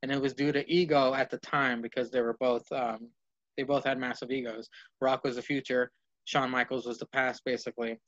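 Brisk and fairly bright, this medium-pitched man shows little pitch movement. He co-hosts a casual, profane wrestling podcast, rambling through fantasy booking and voicing the wrestlers' lines, all on dull lo-fi audio.

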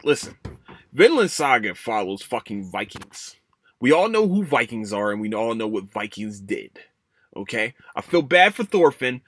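A man's voice: mid-range voice, dry recording, studio quality. A man hosting a casual solo podcast, ranting with lots of swearing and restarts. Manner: animated, profane ranting with many restarts. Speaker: podcast host.

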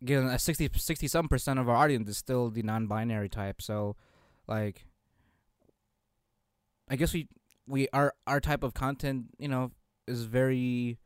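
A man's voice: medium pitch, normal speed, clean tone, no room sound, studio quality. A man co-hosting a podcast, rambling through casual banter and laughing often. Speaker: podcast co-host.

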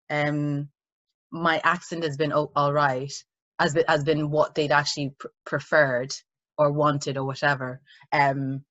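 In a casual conversation, a young woman from Ireland, an actress on as a guest, mimics the people she's quoting. Her low, slightly bright voice carries a mixed Irish accent tinged with American, and the dry recording sounds muffled and dull.

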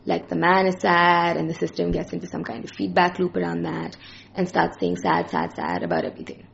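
A woman's voice: fairly low pitch, expressive, fairly quick, creaky, lo-fi sound, slight background noise. A woman voicing a worried man, a tech worker, who speaks in an uneasy, hesitant way.

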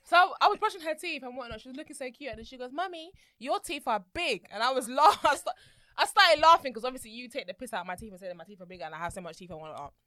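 A woman's voice: sits high, sing-song, rapid-fire, bright, forceful tone, no echo. A woman co-hosting a podcast, chatting casually and laughing as she tells stories. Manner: laughs while telling stories. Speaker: podcast co-host. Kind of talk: casual chat.

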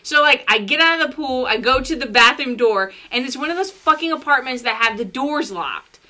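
Bright high-voiced woman telling a story. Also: a little fast. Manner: profane, animated, laughs through her story. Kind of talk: casual chat, storytelling.

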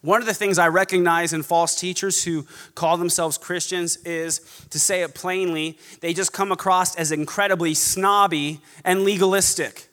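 A man preaching a sermon, animated, mocking snobby voices now and then. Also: high voice, moderate pace, few pauses, in a large hall. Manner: animated, mocks snobby voices in quoted asides. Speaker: pastor.

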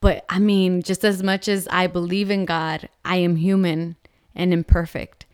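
Vlogging mom in her thirties, candid and heartfelt; smooth, dry voice. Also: lowish voice, flat delivery, measured pace, no room sound. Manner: earnest and open, with frequent fillers. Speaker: vlog co-host, mother. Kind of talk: candid personal vlog talk.

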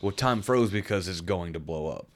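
A man's voice: low-pitched, lively intonation, normal speed. A man chatting casually as a podcast co-host, rambling and searching for words with frequent restarts. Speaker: podcast co-host reviewing a game. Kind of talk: casual chat.

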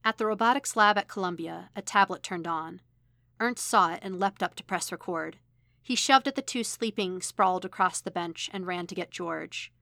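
Gravelly-voiced woman narrating a story. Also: lowish voice, normal speed, sharp tone, no room sound. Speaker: podfic reader.

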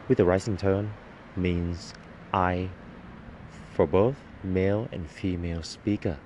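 Man, very low voice, patient language teacher, clear slow repeats, faint background hiss. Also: a little mellow. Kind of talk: scripted language lesson.

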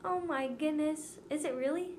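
A high-pitched teenage girl talks casually with a friend, giggling often and filling her sentences with "like". A faint hiss sits under her voice. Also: normal speed, darkish tone. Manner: giggly, chatty, says "like" a lot. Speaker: student co-host. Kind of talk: casual chat.

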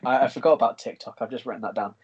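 A young man hosting a podcast, chatty, excitable and quick. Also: medium pitch, husky, lo-fi sound. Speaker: podcast host. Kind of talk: casual chat.

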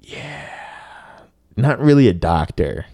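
Male podcast co-host, low voice, dry sound, casual storyteller who swears freely. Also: very animated, slow, creaky, dark tone, no room sound. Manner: loose and profane, full of "like" fillers.

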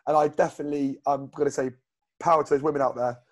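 Guy coaching on a podcast, blunt and rambly, voice a bit on the high side. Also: fairly even intonation, quick pace. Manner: chatty, blunt, rambling with lots of fillers. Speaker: fitness coach and podcast co-host. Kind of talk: casual podcast chat.

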